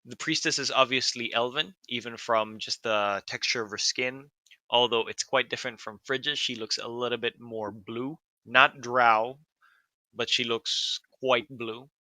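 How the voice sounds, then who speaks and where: A man narrating as game master of a tabletop role-playing game, describing scenes calmly. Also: medium pitch, unhurried, no echo, low-quality recording. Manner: calm descriptive narration with fillers.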